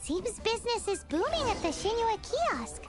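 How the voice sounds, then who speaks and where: Casting: a tiny, bossy game sidekick girl, very high and sing-song, game audio over loud music. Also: huge pitch swings, normal speed, heavily acted. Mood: chirpy. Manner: bouncy, chatty, eager. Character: small chirpy girl companion, bossy and lively. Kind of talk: video game dialogue.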